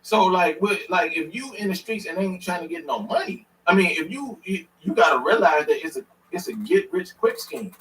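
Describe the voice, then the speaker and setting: A man's voice: high voice, lively intonation, moderate pace, hardly any pauses, fairly bright tone, distant mic, a little hiss or hum, rough recording. A man hosting a stream, giving blunt, slangy reaction commentary and repeating himself for emphasis. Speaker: stream host reacting to a clip.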